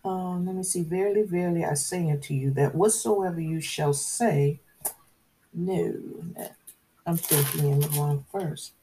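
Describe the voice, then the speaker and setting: Slow, husky woman preaching a sermon. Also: on the low side, warm tone. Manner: repetitive, emphatic, searches for verses aloud. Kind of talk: sermon teaching.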